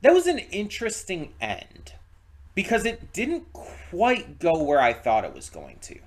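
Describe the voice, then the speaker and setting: A man hosting a movie reaction channel, talking casually to camera in a rambling, low-key way with lots of restarts. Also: wildly swooping pitch, measured pace. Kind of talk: casual direct-to-camera chat.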